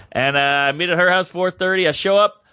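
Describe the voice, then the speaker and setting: A man's voice: sits high, a little fast, bright, forceful tone, clean tone, dry recording, studio quality. A man co-hosting a podcast, telling a story in casual comedy chat, playful with goofy asides. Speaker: podcast co-host.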